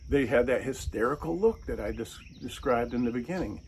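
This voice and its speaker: A man, the channel's host, telling a casual story, animated and acting out the people he quotes in raised voices. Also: medium pitch, fairly quick, slight background noise.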